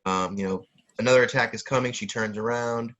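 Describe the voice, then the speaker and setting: A man's voice: medium pitch, fairly even intonation, a little fast, a bit bright, highs cut off. A man co-hosting a casual chat, rambling with lots of fillers and frequent laughs. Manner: rambling, many fillers, laughs often, mimics sound effects. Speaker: podcast co-host.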